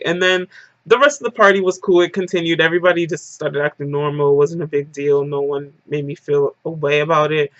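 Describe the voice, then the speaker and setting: A woman's voice: sits low, fairly even intonation, fast, no room sound. A woman rambles through a dramatic story-time retelling, dropping "like" into nearly every phrase. Her voice comes through a dull, lo-fi recording. The room sounds close and dry. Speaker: vlogger. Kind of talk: casual story-time monologue.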